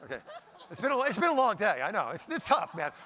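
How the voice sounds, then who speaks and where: Middle-aged male speaker with a high, bright voice, working the room with jokes and questions. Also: fast. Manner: animated, jokey, asks the audience questions. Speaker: motivational speaker. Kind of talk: live keynote talk to an audience. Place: event stage before a live audience.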